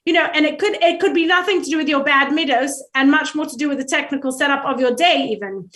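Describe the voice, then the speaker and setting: A woman speaking as a guest expert on a talk show, giving animated advice and acting out little quoted exchanges. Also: sits high, fast, hardly any pauses. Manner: lively, acts out quoted dialogue, rhetorical asides.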